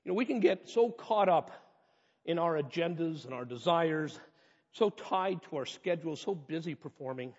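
A man's voice: on the high side, expressive, moderate pace, darkish tone. A man preaching a sermon as pastor, earnest and conversational, rising to impassioned peaks, recorded in a church. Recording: reverberant hall, dull muffled sound.

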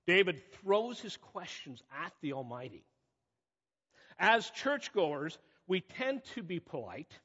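A middle-aged man preaches in a church sanctuary, his fairly high voice swelling into emphatic cries and then falling back to quiet asides. The sound is slightly muffled, and a long reverb trails after him. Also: big pitch swings, slow pace, husky. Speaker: pastor. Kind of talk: sermon.

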